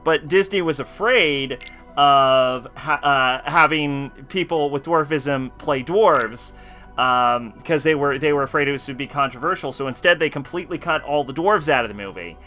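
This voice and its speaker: Bright-voiced rambling male streamer. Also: fairly high pitch, normal speed, faint music behind. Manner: rambling and profane, heavy with fillers. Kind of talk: casual live-stream chat.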